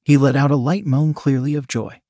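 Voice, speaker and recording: A man reads an erotic story in a steady, even narrating voice. The sound is dry and close, with no room echo. His voice sits at a middle pitch for a man. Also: moderate pace.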